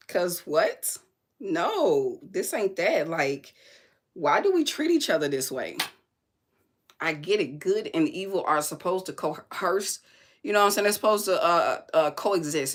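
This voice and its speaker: Hoarse raspy voice, livestream host, emphatic, preachy, repeats lines, swears, mid-pitched. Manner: preachy, speaks of God and spirit. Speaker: live stream host. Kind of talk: casual live-stream venting.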